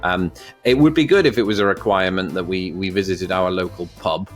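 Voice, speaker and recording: Man, fairly low voice, wry quiz-reading vlog commentary. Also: a little fast, soft background music. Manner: wry, joking asides while reading questions aloud. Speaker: vlogger. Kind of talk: casual commentary while taking an online quiz.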